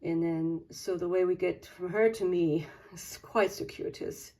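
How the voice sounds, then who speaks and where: A woman's voice: lowish voice, fairly even intonation, measured pace, warm tone, dry recording. A woman chatting casually as she films her cats and garden, cooing at them and sometimes talking under her breath. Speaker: vlogger. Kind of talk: casual vlog chat. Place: backyard outdoors, then indoors.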